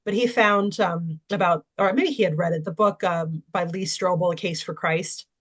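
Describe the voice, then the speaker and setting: A woman's voice: on the low side, normal speed. A woman guest telling her personal story in conversation, candid and anecdotal, with frequent fillers. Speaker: interview guest.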